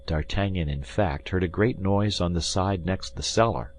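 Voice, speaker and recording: A man reading a classic adventure novel aloud as an expressive audiobook narrator. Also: low-pitched, normal speed, few pauses. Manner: expressive storytelling. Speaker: audiobook reader.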